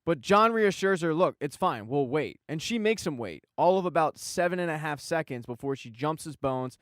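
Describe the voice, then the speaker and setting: Man, quick delivery, dry close sound, casual recap narration, cheeky asides. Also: mid-range voice, no room sound. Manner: irreverent, joking asides. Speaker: TV recap host.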